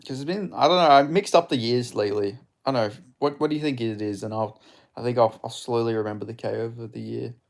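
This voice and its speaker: Excitable and cursing, a man provides live-streamed fight commentary and talks with viewers between rounds. He has a mid-range, creaky voice and speaks quickly.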